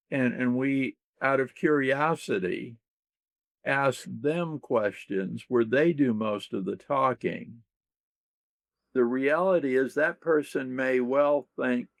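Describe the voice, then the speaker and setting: Slow gravelly man, dry sound. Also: mid-range voice, dry recording. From United States. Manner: slow, gravelly, thoughtful, acts out quoted questions. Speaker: guest leadership author. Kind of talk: reflective interview talk.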